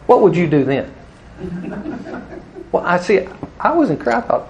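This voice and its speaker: A high, creaky, very animated voice comes through at a moderate pace, with the highs cut off and slight background noise. The man is giving an evangelism teaching talk to a live group, telling stories, acting out those he quotes, and chuckling.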